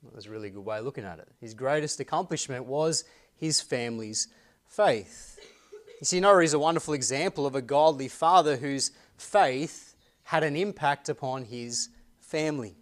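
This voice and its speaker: Man preaching a sunday sermon, earnest, keeps asking the church rhetorical questions, reads bible verses slow. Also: mid-range voice, animated. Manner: reads scripture aloud slowly and deliberately. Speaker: pastor.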